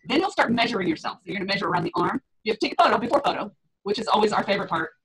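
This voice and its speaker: A woman's voice: medium pitch, very animated, racing, husky, rough recording. A middle-aged woman fitness coach on a group call, talking in a chatty way, laughing often and acting out her clients' reactions.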